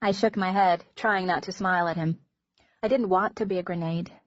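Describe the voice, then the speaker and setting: A woman narrating an audiobook in a measured, gentle storytelling manner. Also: lowish voice, steady tone, dry recording. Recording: dull lo-fi recording.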